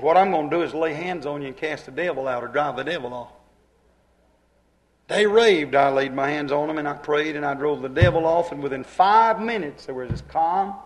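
High-voiced man preaching a sermon. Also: gravelly. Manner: dramatic preaching, swinging from hushed to loud, repeated rhetorical questions.

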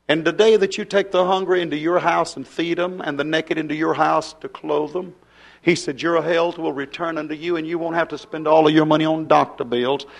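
A man preaching a fiery revival sermon. He acts out dialogue in his sermon and drops to a hush at times. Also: fairly high pitch, creaky.

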